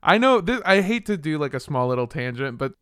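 A man's voice: fairly high pitch, brisk, smooth, no room sound, clean studio sound. A man co-hosting a podcast who tells a personal anecdote, swearing freely. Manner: swears freely, animated storytelling. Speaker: podcast co-host. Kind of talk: casual chat with anecdotes.

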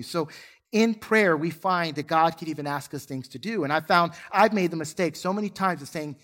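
A man's voice: a little high, normal speed, fairly bright tone. A male pastor preaching a sermon in church, earnest and acting out quoted voices. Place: church sanctuary.

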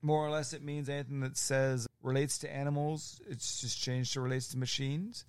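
A man taking part in a tabletop game describes his character in an easy, chatty way. He is playful and often trails off into giggles. His voice sits at a middling pitch. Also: steady tone, moderate pace, clear, resonant tone, dry recording. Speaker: player. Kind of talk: casual chat at a tabletop game.

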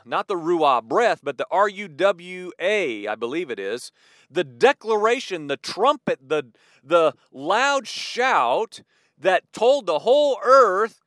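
A middle-aged man preaching a sermon, animated and conversational, with asides and acted-out quotes. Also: sits high, dry recording, clean studio sound. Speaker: pastor.

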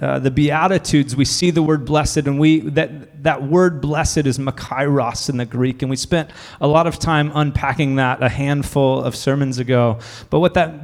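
A man, preaching a sermon in a church with a casual, conversational manner full of fillers and restarts. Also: mid-range voice. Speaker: pastor.

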